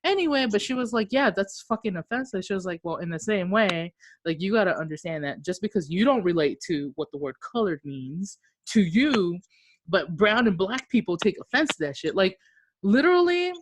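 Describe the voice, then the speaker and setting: A woman's voice: medium pitch, expressive, normal speed. A woman from Okinawa co-hosting a podcast, telling stories in casual chat, swearing freely and acting out the voices of the people she quotes. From Okinawa, Japan. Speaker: podcast co-host.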